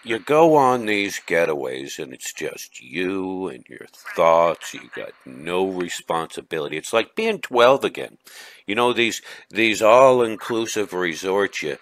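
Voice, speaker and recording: A man's voice: deep voice, fairly bright tone. A man doing a brash, rambling buddy. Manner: rambling, stammering, boisterous. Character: brash chatty middle-aged man named Vinny. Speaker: caller leaving a message for a friend. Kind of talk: comedic voice message monologue.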